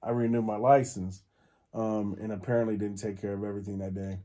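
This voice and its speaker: Male podcast host, relaxed dark tone, rambling storyteller with lots of fillers. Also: on the low side, brisk. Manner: rambling, many fillers and restarts. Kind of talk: casual storytelling.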